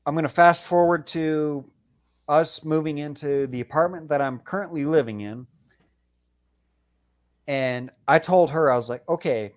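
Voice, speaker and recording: A man's voice: a little high, a little slow, pauses often. A man calling in to a live show, telling a heated personal story with constant swearing. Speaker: caller. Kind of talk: casual call-in storytelling.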